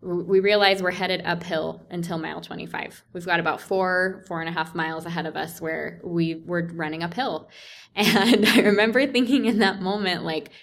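Woman, casual storytelling, animated, acts out quotes, lots of fillers. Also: lowish voice, normal speed.

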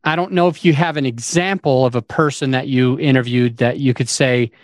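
A man's voice: medium pitch, fairly even intonation, a little fast, no echo, studio quality. A man hosting a podcast interview in a casual chat, explaining his ideas as he thinks aloud. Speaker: podcast host.

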